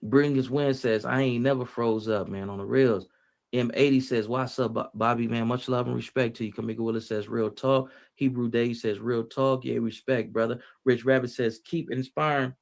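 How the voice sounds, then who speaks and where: A man's voice: mid-range voice, steady tone, moderate pace, gravelly. A man giving casual, preachy motivational talk on a livestream, using street slang and repeating his phrases as he reads the chat.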